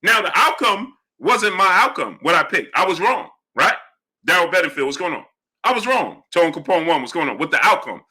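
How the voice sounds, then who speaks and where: Bright-voiced, combative boxing streamer. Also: male voice, high voice, big pitch swings, a little fast, husky. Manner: argumentative, greets chatters by name. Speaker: livestream host. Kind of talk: live chat boxing talk.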